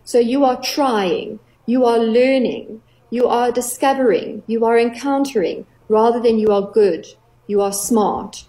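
A middle-aged woman, a clinical psychologist, explaining earnestly on a radio talk show, with gentle playful examples. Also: on the high side, measured pace, poor audio.

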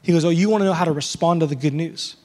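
A man's voice: fairly high pitch, fast, a little mellow, big-room sound. A man preaching a conversational sermon as pastor, with frequent restarts and playful asides.

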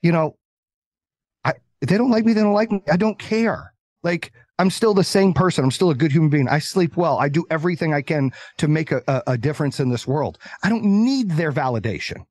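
A man telling stories as an interview guest, talking in an energetic, emphatic, animated way. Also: on the high side, brisk, no echo, studio quality. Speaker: podcast guest, entrepreneur. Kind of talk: casual interview storytelling.

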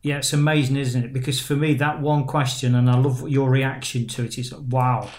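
A man's voice: mid-range voice, little pitch movement, a little fast, darkish tone. A man with a mid-range voice hosts a conversational interview. He talks thoughtfully, building his ideas in long winding phrases with emphatic turns. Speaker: interview host.

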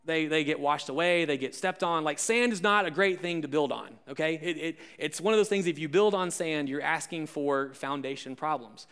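A young man with a high, bright voice preaches a casual sermon to his congregation. He talks in an easy, conversational way, full of "like" and quick jokey asides, swinging between loud, punchy calls to the room and quieter reflection. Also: smooth. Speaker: pastor. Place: church service with live audience.

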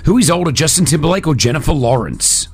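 A man hosting a morning radio show, joking with co-hosts and running a quiz in a quick, upbeat way. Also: a little high, expressive, husky, faint music behind. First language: Arabic. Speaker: radio host.

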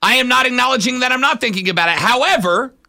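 A man's voice: very high-pitched, quick pace, no room sound. A man hosting a sports talk radio show, teasing his co-host and hyping an upcoming guest in a studio. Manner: teasing, animated hype.

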